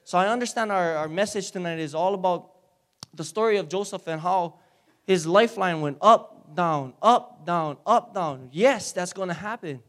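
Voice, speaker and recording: A man preaching a sermon to a congregation, energetic and calling out to the room. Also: high-pitched, moderate pace. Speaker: speaker at a church service. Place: church before a congregation.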